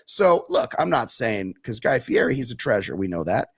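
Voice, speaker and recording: A man's voice: medium pitch, sing-song, moderate pace, hardly any pauses, breathy edge. A man co-hosting a podcast, ranting in casual chat with lots of profanity. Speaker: podcast co-host.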